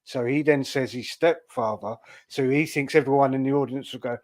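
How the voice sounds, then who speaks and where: A man's voice: mid-range voice, normal speed, darkish tone. A man co-hosting a podcast, chatting casually and sarcastically picking apart a comedian's act. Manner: sarcastic, explaining. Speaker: podcast co-host. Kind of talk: casual chat.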